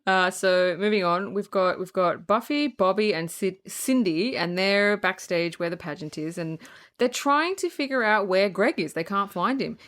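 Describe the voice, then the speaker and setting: A woman's voice: medium pitch, a bit bright. Woman, podcast co-host, casual film recap, acts out quotes. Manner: retells scenes, acting out lines in quick put-on voices. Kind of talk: casual movie review chat.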